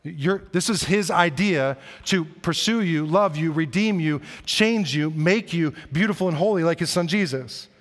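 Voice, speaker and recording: A man's voice: a little high, moderate pace, hardly any pauses. Earnest preaching man in a reverberant hall. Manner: earnest, repetitive, conversational preaching. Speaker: pastor. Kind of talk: sermon.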